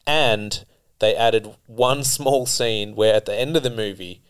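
A man's voice: on the low side, measured pace, smooth. A man co-hosting a podcast in casual chat, telling stories and laughing often. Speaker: podcast co-host.

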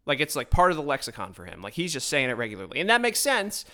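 A man's voice: a little high, wildly swooping pitch, fast talker, bright, forceful tone. A man hosting a podcast, delivering a blunt, sarcastic political monologue into his own microphone, often stumbling and restarting his sentences. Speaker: podcast host.

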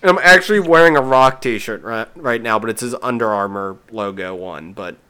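A man with a smooth, bright, clear voice talks in a casual chat. He is hesitant, stumbling and restarting as he finds his words. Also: medium pitch, moderate pace.

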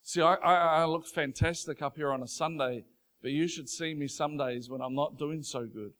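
A man's voice: fairly high pitch, normal speed, fairly bright tone. A man preaching a sermon from a church stage, conversational and earnest, rising to emphatic passages. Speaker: pastor. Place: church stage before a congregation.

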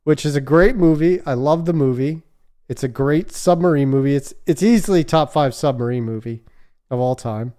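A man's voice: a little high, moderate pace, mellow, clean tone. A man co-hosting a podcast, reviewing a movie in casual banter, insistent and joking with restarts. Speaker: podcast co-host.

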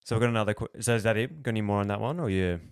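A man with a fairly low voice co-hosts a podcast in a relaxed way. He makes dry, understated jokes and reads out questions from listeners. The sound is close and dry. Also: rapid-fire, smooth, no echo. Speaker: podcast co-host. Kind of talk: casual chat.

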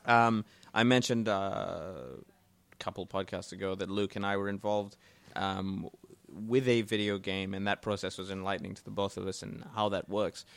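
A man's voice: low voice, flat delivery, moderate pace, vocal fry, dry recording. A man hosting a live podcast in casual chat, rambling with many fillers. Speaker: podcast host. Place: bookstore, live event.

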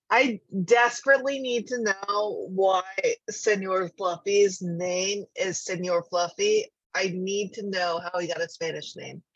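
A woman hosts a podcast and teases her guest with playful questions. Her voice is husky. The recording is dull and dry. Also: medium pitch, steady tone, slow pace, fairly bright tone, no echo. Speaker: podcast host. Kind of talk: casual interview chat.

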